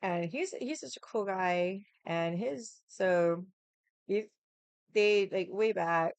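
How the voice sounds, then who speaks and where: Woman vlogging, blunt and sweary, smooth clear voice, dry close sound. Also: medium pitch, slow, no room sound. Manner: blunt, swears freely, rambling storytelling. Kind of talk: casual chat.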